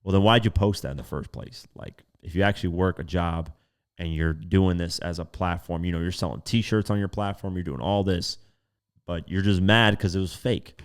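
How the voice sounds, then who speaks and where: A man with a very deep voice hosts a casual commentary podcast. He talks in an exasperated, animated way and swears casually as he reacts. The delivery is loose and conversational. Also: moderate pace, clean tone. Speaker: podcast host.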